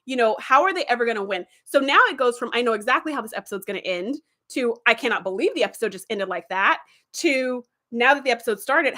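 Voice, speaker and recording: A middle-aged woman in casual conversation, her voice sitting a little high. She tells stories with energy and jumps into acted quotes along the way. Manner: animated storytelling with acted-out quotes. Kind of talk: casual enthusiastic chat.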